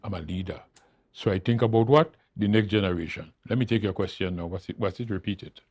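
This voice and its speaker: A man's voice: on the low side, a little fast, a little mellow, slightly rough, no echo. An older man, a guest on a talk show, speaking emphatically and repeating his key phrases to drive points home. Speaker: interview guest, political leader. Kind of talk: studio talk show interview.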